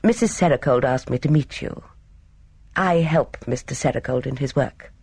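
A woman's voice: a bass voice, moderate pace, darkish tone, slightly rough, dry recording, heavily acted. A woman voicing a self-important young man who speaks with a theatrical flair, in a storybook reading.

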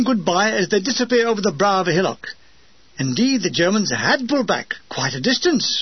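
A man narrating his war memoir with dry, deadpan comic asides. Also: high-pitched, fairly quick, slightly rough, no echo. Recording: dull lo-fi dry recording.

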